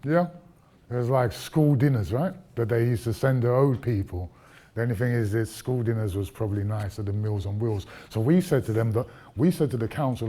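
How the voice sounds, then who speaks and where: A man's voice: medium pitch, brisk, mellow. A man giving a public lecture, telling stories from his past in a conversational way, with asides to the audience. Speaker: guest lecturer.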